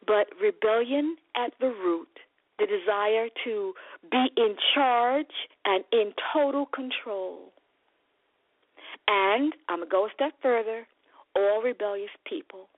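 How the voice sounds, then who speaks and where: Through a dry, phone-like radio broadcast, a woman with a medium-pitched voice delivers a preaching-style health talk. As nutrition coach and host, she grows impassioned and animated, repeatedly addressing her audience as "beloved."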